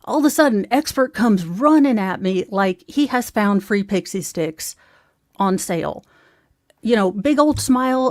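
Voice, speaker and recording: A woman's voice: a little high, lively intonation, normal speed, no room sound, clean studio sound. A woman giving casual, sarcastic commentary on a trial, talking straight to her viewers in a mocking, rambling way full of asides. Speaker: true crime commentator.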